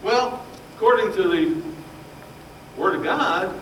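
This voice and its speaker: A man preaching a sermon, telling his own story with passion, his voice rising loud and falling hushed. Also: high voice, slow pace, a little hiss or hum. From Baltimore, Maryland. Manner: impassioned, swings from loud to hushed. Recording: roomy echo, voice from far off.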